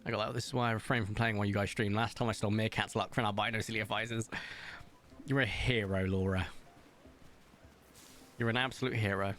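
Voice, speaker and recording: A man streaming a game, chatting casually, reading viewers' messages aloud and telling stories, with big playful jumps in pitch. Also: steady tone, fairly quick, long pauses, a bit bright. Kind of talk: casual chat while gaming, reading chat aloud.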